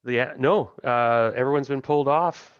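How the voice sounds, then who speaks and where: A man's voice: mid-range voice, normal speed, clear, resonant tone, no echo, dull audio. A man casually running a tabletop game as game master, thinking aloud and laughing along with his players.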